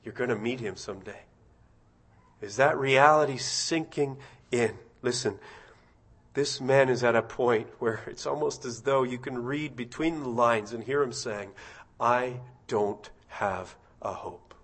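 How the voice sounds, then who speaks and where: A man preaching a sermon, asking his congregation direct questions and swelling into loud, impassioned passages. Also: unhurried, slightly rough. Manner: rising to loud, high-pitched impassioned preaching.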